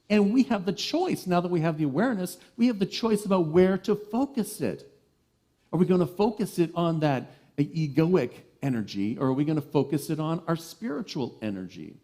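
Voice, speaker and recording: Warm, playful male reverend. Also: on the high side, moderate pace. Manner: animated, playful, lively storyteller. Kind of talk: sermon.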